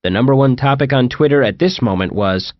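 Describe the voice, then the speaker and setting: A man's voice: mid-range voice, a little fast, no room sound, dull audio. A man narrating a first-person comic horror audiobook in a wry storytelling manner. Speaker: audiobook reader.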